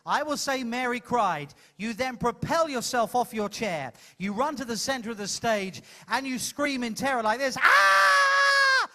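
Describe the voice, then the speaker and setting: A man's voice: extremely high pitch, expressive, normal speed, few pauses, fairly bright tone. A man hosting a live comedy show, coaching a volunteer from the audience with playful, teasing patter on a cruise ship stage.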